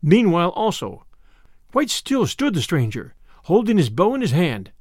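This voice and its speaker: Man reading an old adventure tale, lively sing-song pitch, dry close sound. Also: normal speed, dry recording. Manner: expressive, archaic prose. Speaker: narrator. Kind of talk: storybook reading.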